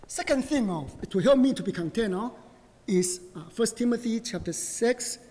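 A man's voice: very high voice, moderate pace. Joking man preaching in a hall. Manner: animated and joking, often asks "right?". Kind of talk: conversational sermon to a congregation. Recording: long reverb of a hall.

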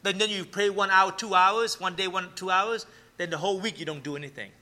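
A man's voice: high-pitched, fairly quick, bright, forceful tone. A man giving a conversational sermon, often checking in with his listeners and telling everyday stories. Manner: conversational, keeps asking "right?" and "okay?"; tells everyday stories to make points. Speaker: preacher.

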